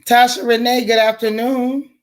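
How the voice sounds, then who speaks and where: A hoarse woman hosting a live stream, chatting casually and talking straight to her viewers as she reads their comments. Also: a little high, level tone, normal speed. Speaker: livestream host.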